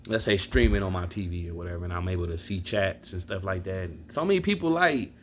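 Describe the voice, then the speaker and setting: A man's voice: deep voice, expressive, fast, slight background noise. A man from Milwaukee venting about his football team, blunt and profane, speaking straight to his viewers. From Milwaukee, Wisconsin. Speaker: sports fan vlogger. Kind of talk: casual fan rant to camera.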